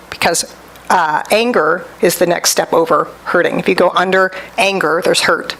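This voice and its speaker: A woman's voice: normal speed, low-quality recording. A middle-aged woman, a talk show guest, sharing personal stories candidly and acting out quotes in a raised voice. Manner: animated storytelling, acts out quotes in a higher voice. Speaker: guest, workshop leader.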